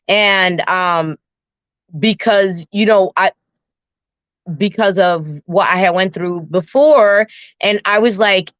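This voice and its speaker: A woman casually telling a personal travel story, animated, often restarting and acting out her own and her friend's words. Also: mid-range voice, slow, no room sound. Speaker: guest storyteller. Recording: dull, dry lo-fi sound.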